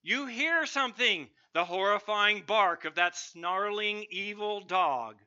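A man preaches with a high, strikingly bright and forceful voice. He speaks emphatically, swelling into loud bursts as he acts out a snarling inner voice. The recording is somewhat dull and lo-fi. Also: animated, slow pace. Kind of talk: sermon.

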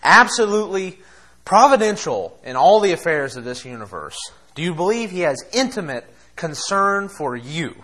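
A man preaching a sermon, impassioned, swinging between quiet asides and loud exhortation. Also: on the high side, sing-song, normal speed. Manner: impassioned, acts out quoted voices, laughs between points.

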